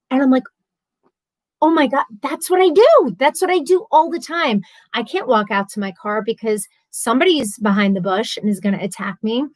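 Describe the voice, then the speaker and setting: A woman vlogger speaks to her live-stream viewers in an open, candid way, answering their comments as she goes. Her voice sits a bit high for a woman, and the sound is close and dry, with no room around it. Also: dry recording, poor audio.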